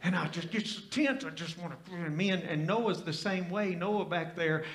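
Fiery pastor in an echoey church. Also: male voice, sits high, normal speed. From Tennessee. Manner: storytelling, building to loud fiery preaching. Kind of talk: sermon.

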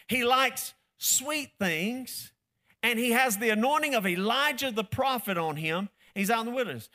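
A man's voice: high-pitched, pushed and bright. A man preaching a sermon in a folksy, emphatic way, calling on the congregation to answer back. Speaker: pastor.

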